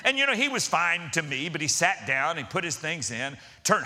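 A man's voice: on the high side, moderate pace, few pauses. A middle-aged man preaching a sermon as pastor, telling stories and acting out quotes in different voices. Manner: animated storytelling with voiced quotes.

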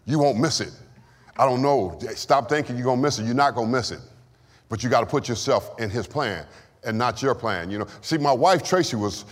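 A man's voice: mid-range voice, lively intonation, fairly quick. A man preaching a sermon and giving testimony, with call-and-response lines to the congregation. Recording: long hall reverb.

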